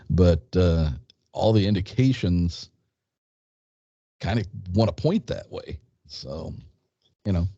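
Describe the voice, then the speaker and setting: A man's voice: deep voice, dark tone, dry recording. A man in his fifties, a guest telling a personal story in a rambling, casual way, acting out back-and-forth dialogue with hesitant restarts. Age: 50s. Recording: dull lo-fi sound.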